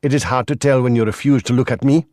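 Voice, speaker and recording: A man narrating an audiobook voices an earnest, principled lawyer who speaks in a measured way. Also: mid-range voice, a little mellow, no echo, clean studio sound, pitched above the performer's own voice, natural voice.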